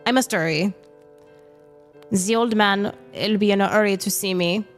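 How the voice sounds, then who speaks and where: Friendly young Frenchman with a thick accent, as a woman reads him out over soft background music. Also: mid-range voice, normal speed, lightly acted. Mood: amiable. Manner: amiable, easygoing, broken grammar.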